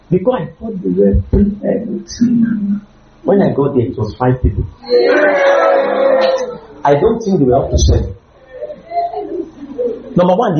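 A man preaching a humorous, animated sermon with sudden loud outbursts. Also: on the high side, echoey room, lo-fi sound, a little hiss or hum.

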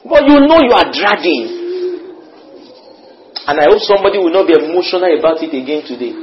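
A man preaching a sermon, swinging between quiet murmured prayer and excited high shouts. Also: brisk, muffled recording, background noise.

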